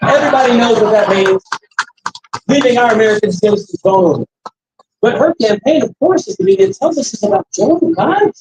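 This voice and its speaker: Male rally speaker, high-pitched and animated, acts out his anecdotes. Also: fairly quick, a little hiss or hum, poor audio. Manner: animated storyteller who acts out the quoted voices. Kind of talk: political rally speech with anecdotes. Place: restaurant campaign stop.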